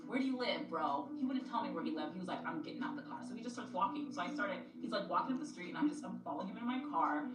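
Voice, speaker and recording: A young woman telling a dating story in a chatty, casual way, full of fillers. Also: on the low side. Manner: chatty and animated, many "like" fillers. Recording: roomy, distant clip with music under it.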